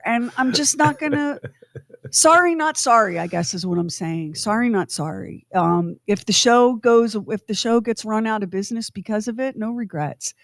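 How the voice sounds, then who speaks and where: A woman's voice: on the high side, dry recording, studio quality. A woman co-hosting a radio show, ranting sarcastically and laughing between lines. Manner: exasperated, sarcastic rant with laughs. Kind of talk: casual radio chat.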